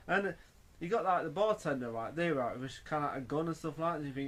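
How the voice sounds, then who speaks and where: Rambling man with a higher voice. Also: lively intonation, brisk, fairly bright tone. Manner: rambling, heavy on fillers and restarts. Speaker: film reviewer. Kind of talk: casual spoken film review.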